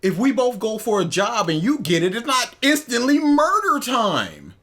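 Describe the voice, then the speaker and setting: Animated man ranting on a podcast. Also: very high voice, moderate pace. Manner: animated, incredulous, rants with acted quotes. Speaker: podcast co-host. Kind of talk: casual reaction chat.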